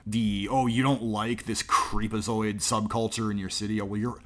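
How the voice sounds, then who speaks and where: A man's voice: fairly low pitch, flat delivery, normal speed, a bit bright. A man hosting a livestream, reacting to a played clip with sardonic, mocking commentary full of filler words. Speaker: livestream host.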